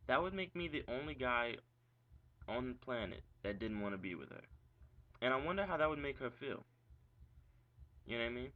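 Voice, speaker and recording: A young man venting angrily about his ex-girlfriend in a profane, rambling vlog rant, full of "like" and rhetorical questions. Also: medium pitch. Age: young adult. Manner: agitated, profane ranting with frequent "like". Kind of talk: ranting vlog monologue. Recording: dull lo-fi webcam audio with faint hiss.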